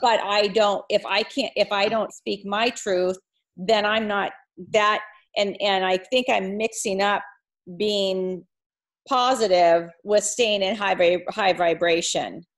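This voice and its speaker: Woman, group participant, halting, reflective, video call. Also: medium pitch, fairly even intonation. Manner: halting and reflective, many restarts. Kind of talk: casual chat.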